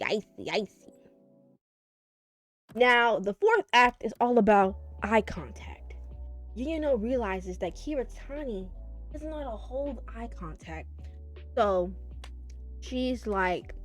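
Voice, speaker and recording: A woman recapping a romance manga on her channel, casual and profane, gushing and swinging between loud and soft. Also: medium pitch. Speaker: manga reviewer.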